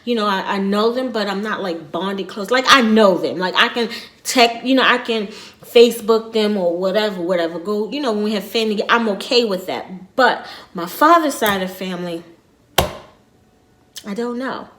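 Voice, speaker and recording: A woman's voice: medium pitch, normal speed. Rambling, earnest middle-aged woman vlogger. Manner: rambling, repeats herself, quietly earnest. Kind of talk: casual vlog storytelling.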